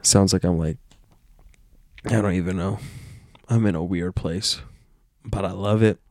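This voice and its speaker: A man with a deep, steady, slightly slow and mellow voice hosts a solo podcast from his bed at home, drifting through a playful stream of consciousness. The sound is clean studio quality with no echo.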